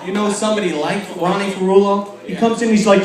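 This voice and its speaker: Young guy doing rambly self-mocking standup, kinda high voice, far from the mic, big crowd laughing. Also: fairly even intonation, fast. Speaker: stand-up comedian. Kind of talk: stand-up comedy storytelling. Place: large hall with audience. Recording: echoey hall, mic from far off, loud crowd. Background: audience laughing.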